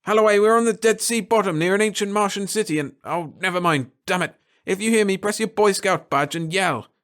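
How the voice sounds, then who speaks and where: A man voicing a gruff, impatient military captain who shouts urgent orders and curses, in a dramatic audiobook reading. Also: high voice, a little fast, pitched above the performer's own voice.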